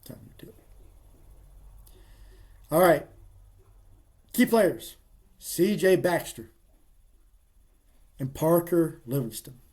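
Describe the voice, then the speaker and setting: A man giving casual, emphatic college football picks in a folksy, excitable way. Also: on the high side, extremely slow, pauses often. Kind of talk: casual sports picks monologue.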